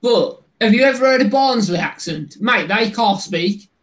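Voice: medium pitch, animated, normal speed, fairly bright tone. A speaker with a West Midlands accent telling stories in loose, casual chat and sometimes slipping into playful put-on voices. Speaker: livestream co-host.

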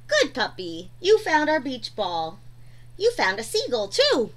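A woman reading a children's picture book aloud in a gentle, sing-song way, chatting to her dog between pages. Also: sits high, huge pitch swings, unhurried. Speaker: storyteller.

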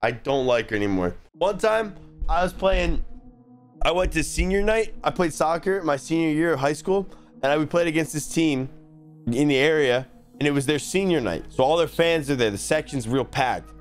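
A man's voice: fairly high pitch, normal speed, faint music behind. A young man hosting a casual reaction video. He is blunt and jokey and swears freely. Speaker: YouTube reaction host.

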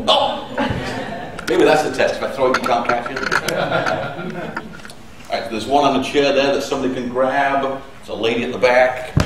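A man's voice: medium pitch, background noise. Fifties man presenting on stage, bantering with the crowd, picked up from afar in a roomy hall. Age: 50s. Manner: chatty, joking with the audience. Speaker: conference speaker. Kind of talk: live conference presentation. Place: large conference hall. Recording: echoey hall, mic at a distance.

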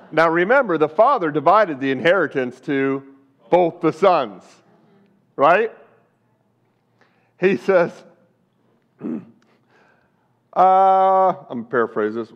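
A man's voice: fairly high pitch, expressive, unhurried, long pauses, dull audio. A male pastor preaching a sermon, telling a story with animation and asking the congregation questions.

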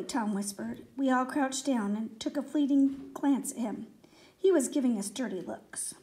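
A woman reading a children's story aloud with gentle, expressive storytelling. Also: sits high, a little slow, slight background noise. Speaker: story reader.

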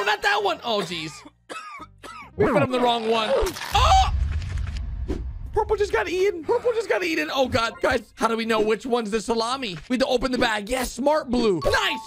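A young man narrating a cartoon animation with excited commentary, often shouting and gasping as he reacts. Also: extremely high pitch.

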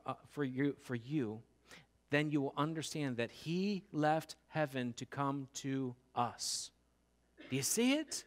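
Male pastor, casual sermon delivery, acts out quotes, punches repeated words loudly. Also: a little high. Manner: conversational preaching with acted-out quotes and rising emphasis. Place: church sanctuary.

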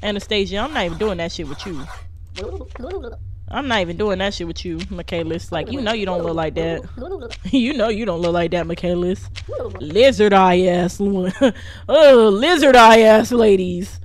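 A young woman streaming a game live, reacting loudly and profanely with casual commentary. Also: fairly low pitch, normal speed.

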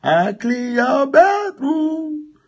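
A man putting on a high tearful whiner. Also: very animated, very slow, exaggerated voice. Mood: weepy begging. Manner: high crying whine, pleading. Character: whining tearful grown man, pleading and weepy.

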